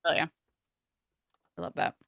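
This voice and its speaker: A woman's voice: unhurried, muffled recording. A woman hosting a trivia night on an online voice call, upbeat and playful, laughing easily and swearing for fun. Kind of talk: casual group chat on a voice call. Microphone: computer mic on an online voice call.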